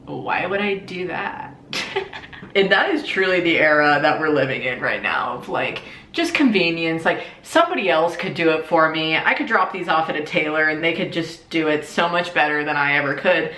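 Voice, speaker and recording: A woman's voice: low-pitched, expressive, normal speed, pushed and bright. Chatty tipsy woman in an echoey room. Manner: chatty, self-mocking, slips into silly voices. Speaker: YouTuber. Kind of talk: casual comedic vlog while sewing and drinking.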